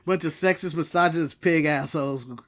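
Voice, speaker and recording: A man's voice: fairly high pitch, a little fast, fairly bright tone. A man from the United States co-hosting a casual wrestling recap podcast, ranting and joking in a brash way. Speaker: podcast co-host.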